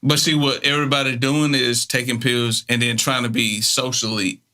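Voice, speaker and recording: A man's voice: mid-range voice, little pitch movement, normal speed, bright, forceful tone. A man co-hosting a podcast, joking and riffing with plenty of swearing. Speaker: podcast co-host. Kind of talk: casual podcast chat.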